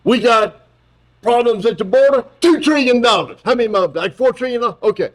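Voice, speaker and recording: A man's voice: extremely high pitch, lively intonation, moderate pace, voice pushed up. A man putting on a mocking impression of an older male politician, brashly listing off huge sums of money. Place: auditorium.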